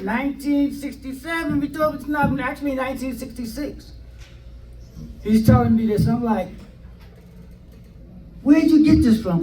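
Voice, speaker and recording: An older man telling stories from his past in a documentary interview, animated, acting out what people said, with hesitant fillers. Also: very high voice. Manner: animated, acts out quoted dialogue with hesitant fillers. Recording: roomy sound from a distant mic, faint noise.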